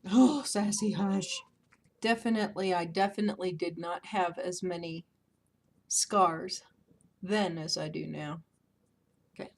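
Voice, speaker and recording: A woman's voice: on the low side, steady tone, a little slow, pauses often. A woman in her thirties talking casually to camera at home, chatty and self-mocking, often laughing. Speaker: beauty vlogger. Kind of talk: casual vlog chat.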